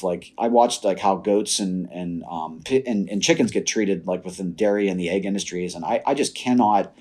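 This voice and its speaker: A young adult man, a podcast guest, telling personal stories in a casual, animated way and laughing now and then. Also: deep voice, a little fast. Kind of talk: casual storytelling.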